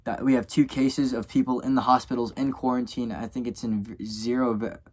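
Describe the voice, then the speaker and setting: A man's voice: mid-range voice, fairly even intonation, brisk, a little mellow, slightly rough. A young man from Louisiana speaks to his camera. He rambles and keeps correcting himself, stopping often on fillers. He sounds tired, like someone who keeps yawning. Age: young adult. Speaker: college student vlogger. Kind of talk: casual vlog talk to camera.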